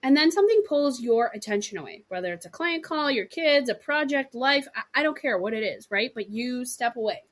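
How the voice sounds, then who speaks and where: Female podcast host, 30s, fairly high voice, lively solo coaching talk with acted-out quotes and "right?" asides. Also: moderate pace, few pauses. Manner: animated, acts out little quoted dialogues; frequent throat clearing, "right?" and "okay" asides.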